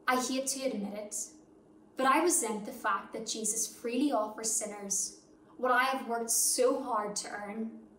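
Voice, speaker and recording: A woman's voice: fairly high pitch, a bit bright. A woman giving a dramatic monologue in a church service, with an indignant, questioning delivery. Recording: echoey church room with faint noise.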